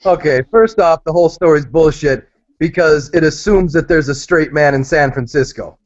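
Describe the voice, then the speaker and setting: A man's voice: a little high, moderate pace. A man co-hosting a fight podcast, bluntly sarcastic and dismissive in casual, profane chat. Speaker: podcast co-host. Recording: muffled lo-fi audio.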